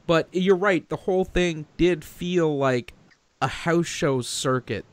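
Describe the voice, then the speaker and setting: A man's voice: a little high, takes it slowly, dry recording. Wry jokey man co-hosting a podcast. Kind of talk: casual chat. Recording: faint background noise.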